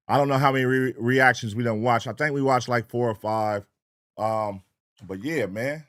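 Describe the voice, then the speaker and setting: A man's voice: medium pitch, normal speed, a bit bright, a faint crowd. A young man hosting a late-night livestream, loose and profane, calling out chat names in a sing-song way. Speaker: livestream reaction host. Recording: faint hip hop music behind. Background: faint hip hop music.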